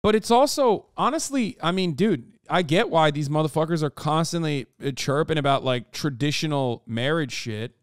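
A man's voice: on the high side, clear, resonant tone, no echo, studio quality. Profane, incredulous streamer man. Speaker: streamer and commentator. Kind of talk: casual reaction commentary, reading an article aloud.

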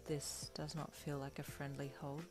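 A woman putting on a calm quiet teen boy. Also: sits low, fairly quick, over music, natural voice. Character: calm soft-spoken teenage boy.

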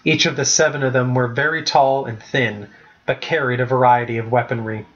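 A man narrating a storybook chapter in the first person, reading steadily at an even pace. His voice sits at an ordinary middle pitch. The recording sounds slightly dull and lo-fi. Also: fairly quick. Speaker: audiobook narrator.

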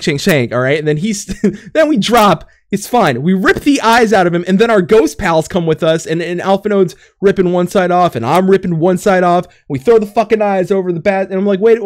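A young man on a gaming podcast recapping a story in casual chat, rambling, swearing and laughing often, and a little out of breath. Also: sits high. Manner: rambling, profane, laughing often, acts out characters.

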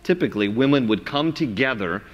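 A man preaching a sermon as pastor, telling the story in an animated way and acting out the voices. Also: medium pitch, fairly quick, muffled recording. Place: large church sanctuary. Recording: reverberant church sanctuary.

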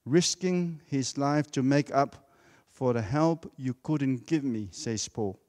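Slow, emphatic preacher in a reverberant church. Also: male voice, medium pitch, darkish tone. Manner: slow, emphatic, repeats key words for effect. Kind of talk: sermon.

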